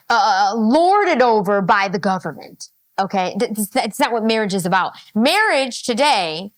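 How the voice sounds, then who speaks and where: Drawling, animated woman commentator. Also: on the high side, no room sound. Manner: mocking, laughing, repeats "okay". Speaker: reaction commentator. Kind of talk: reaction commentary.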